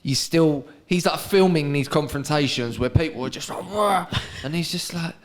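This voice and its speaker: A man's voice: a little high, moderate pace. A man hosting a casual comedy podcast, bantering, laughing and swearing freely. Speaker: podcast host. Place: venue after a live show. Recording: loud crowd behind.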